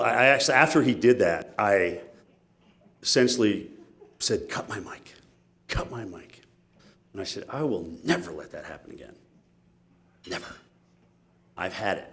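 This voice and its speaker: A male TV meteorologist telling self-mocking stories in a lively keynote talk. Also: lowish voice. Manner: animated, self-mocking anecdotes.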